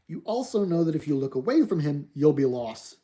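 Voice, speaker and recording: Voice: medium pitch, very animated, brisk, dark tone. A streamer reading a choose-your-path horror book aloud for viewers, then chatting to wrap up the stream.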